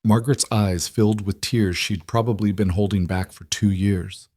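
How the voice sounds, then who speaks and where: A man narrating a scripted western story in a calm, measured way. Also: fairly low pitch.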